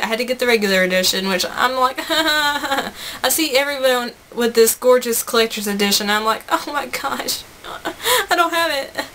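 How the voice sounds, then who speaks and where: A woman's voice: high voice, bright, forceful tone, slight background noise. A young woman vlogging about games she bought, chatty and bubbly, rambling with laughs and asides. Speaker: gaming vlogger. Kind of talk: casual chat to camera.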